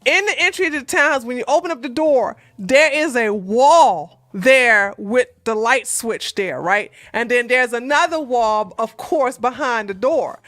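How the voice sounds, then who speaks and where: A middle-aged woman with a high, bright, sharp voice tells a story in a casual, animated way. The sound is close and dry, with no room around her. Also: dry recording. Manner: animated, laughing, with loud outbursts while retelling. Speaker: channel host recounting police work.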